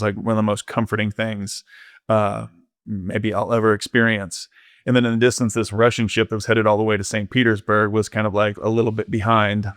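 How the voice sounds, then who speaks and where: In a casual storytelling interview, a male podcast guest candidly recounts an ocean-rowing story, rambling and using lots of fillers. His voice is lowish and a bit bright, recorded with clean studio sound and no echo.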